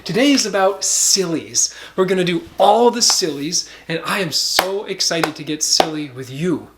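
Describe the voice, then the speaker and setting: A woman's voice: on the low side, animated, normal speed, very noisy. A woman leading a children's music lesson in a cheerful, playful way, talking straight to the kids.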